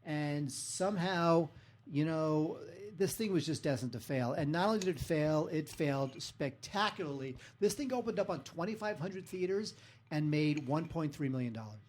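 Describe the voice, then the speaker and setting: A man hosting a podcast, reviewing movies in casual chat in a sardonic, halting way with lots of fillers. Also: fairly high pitch, animated, a little hiss or hum. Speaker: podcast host, film reviewer.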